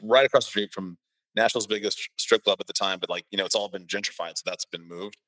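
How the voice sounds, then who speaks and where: A man's voice: on the low side, fairly even intonation, quick pace, pushed and bright, dry recording, rough recording. A man as a podcast guest, rambling through casual stories, full of filler words and swearing. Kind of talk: casual chat.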